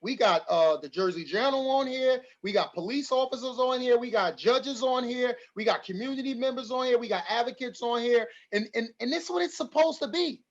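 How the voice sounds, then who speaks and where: A man's voice: very high-pitched, a little fast, hardly any pauses, lo-fi sound. A man hosting an online community forum, talking emphatically and repeating his lines for stress. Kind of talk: livestream community address.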